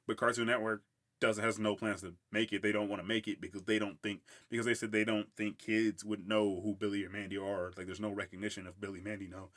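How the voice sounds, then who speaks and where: A man's voice: on the low side, little pitch movement, quick pace, a bit bright. A man hosting a casual solo podcast, rambling about a cartoon with lots of filler words and frequent laughs. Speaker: podcast host.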